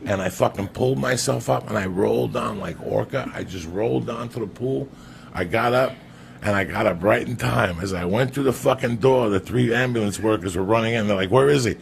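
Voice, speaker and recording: A man telling a long personal story on a podcast in a profane, animated way. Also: lowish voice, brisk, creaky, slight background noise. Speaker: podcast guest. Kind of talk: storytelling anecdote.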